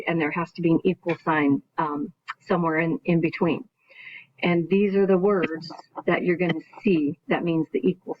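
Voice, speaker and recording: A woman math teacher giving a recorded video lesson, explaining each step in order and often checking in with "right?". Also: fairly low pitch. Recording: dull lo-fi recording.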